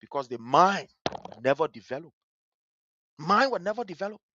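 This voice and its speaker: Liberian host, lively, emphatic voice. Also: medium pitch, moderate pace, muffled recording, slight background noise. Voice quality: passionate, emphatic, repetitive. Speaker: livestream host. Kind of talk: angry live commentary over a video.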